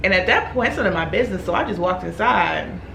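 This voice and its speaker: A young woman vlogger telling a long story in a casual, animated way while doing her makeup, acting out other people's lines as she goes. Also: lowish voice, fast talker, creaky, background noise. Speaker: beauty vlogger. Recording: echoey room.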